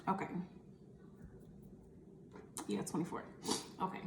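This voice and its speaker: A woman's voice: slow, reverberant, slight background noise. A woman, chatting to camera in a casual vlog and acting out the conversations she tells about. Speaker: vlogger.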